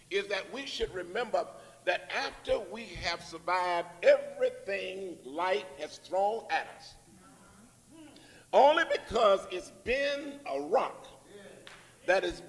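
High-voiced preacher echoing in a church. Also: male voice, creaky. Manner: call-and-response preaching, rising emphatic phrases. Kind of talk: sermon. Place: church sanctuary. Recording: long reverb in a church hall.

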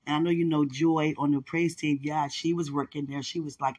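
A woman hosting a podcast, telling a personal faith testimony in casual, animated storytelling. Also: low-pitched, brisk, hardly any pauses, breathy edge. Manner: animated storytelling, acts out others' words. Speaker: podcast host.

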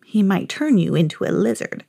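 A woman reading a children's picture book aloud on her podcast in an expressive, sing-song storytelling way. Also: mid-range voice, normal speed, creaky, breathy edge, dry recording, studio quality.

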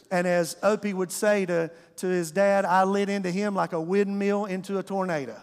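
Pastor guy preaching, high voice, acts out the characters, big echoey sanctuary. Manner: storytelling preacher, acts out voices, calls to the congregation. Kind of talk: sermon. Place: church sanctuary. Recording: long hall reverb.

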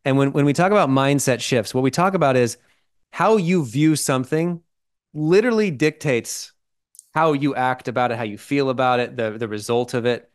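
A man's voice: medium pitch, moderate pace. A man co-hosting a podcast, explaining ideas in casual chat and checking in with "right?" and "okay?". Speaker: podcast co-host.

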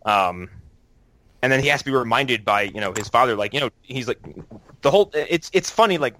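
A young man co-hosting a podcast in casual chat, animated and swearing freely, acting out quotes as he talks. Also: mid-range voice, normal speed. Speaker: podcast co-host.

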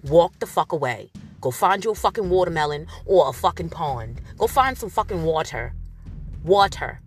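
A woman's voice: lowish voice, expressive, normal speed, faint music behind. A woman hosting a casual solo podcast, ranting bluntly and swearing as she tells stories. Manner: profane, blunt, ranting storyteller. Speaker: podcast host.

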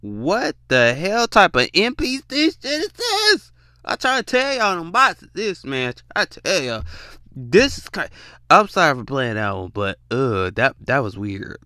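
Brief: lively male commentator, bright voice, laughs a lot, dry close mic. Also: a little high, measured pace, no room sound. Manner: animated, laughs often, talks straight to viewers. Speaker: commentator reacting to clips. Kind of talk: casual reaction commentary.

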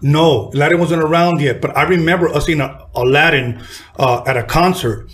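Animated male host-storyteller with a somewhat high voice, acts out his characters' lines. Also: moderate pace. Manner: animated, acts out quoted voices with jumps in pitch. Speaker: podcast host telling a story. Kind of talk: casual storytelling chat.

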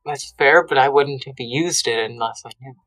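A woman's voice: extremely low pitch, moderate pace, fairly bright tone, soft background music, rough recording. A woman co-hosting a podcast in casual chat, wry and teasing. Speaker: podcast co-host.

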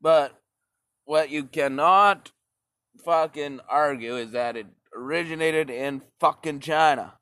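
A man's voice: fairly high pitch, slow, fairly bright tone, clear, resonant tone, no room sound, studio quality. A man delivering a profane, sarcastic stand-up rant, rambling and swearing often. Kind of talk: profane ranting stand-up monologue.

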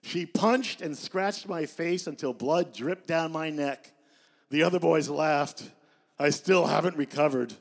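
A man in his fifties giving a live poetry reading in a bar, with deadpan, self-mocking storytelling. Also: a little high, unhurried, vocal fry. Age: 50s. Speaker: poet.

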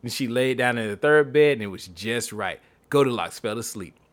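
A man's voice: mid-range voice, lively intonation, normal speed. A young man telling a storybook parody with friends, laughing through his reading. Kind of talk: casual comedic storytelling.

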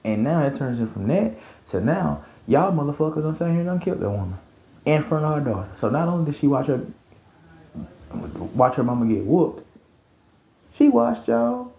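A fired-up man ranting into his podcast, foul-mouthed and worked up. His voice sits a bit high, with a gravelly edge, and leaps all over the place. The sound is roomy and dull, like a lo-fi home setup. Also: sing-song, moderate pace. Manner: heated, profane, swings from low mutters to high yells. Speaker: podcast host. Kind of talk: casual podcast rant.

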